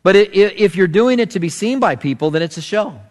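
A middle-aged man preaching a sermon, telling stories and acting out voices with big swings in pitch. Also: lively intonation, a little fast. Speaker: pastor. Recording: long hall reverb.

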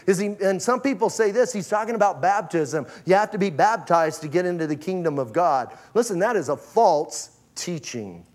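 A pastor preaching a sermon in a casual, conversational way, acting out the people in his stories with slang. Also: fairly high pitch. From Arizona.

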